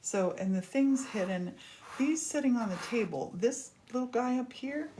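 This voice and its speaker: A woman's voice: on the high side, expressive, moderate pace, warm tone, a little hiss or hum. A woman hosting a casual crafting demonstration, chatty and gushing as she works. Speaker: craft host.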